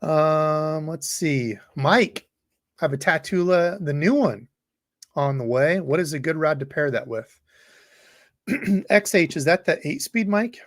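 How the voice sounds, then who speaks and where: A man's voice: a little high, animated, unhurried, no room sound, studio quality. A man hosting a fishing livestream, rambling casually and reading viewer comments aloud. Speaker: fishing channel host.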